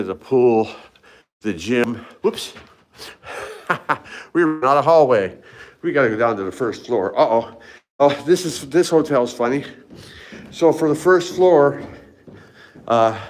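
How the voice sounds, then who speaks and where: An older man casually chatting with live viewers as he walks hotel hallways and stairwells, a little out of breath, greeting people by name. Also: mid-range voice. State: slightly out of breath from climbing stairs. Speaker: fitness vlogger. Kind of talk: casual live-stream walk vlog.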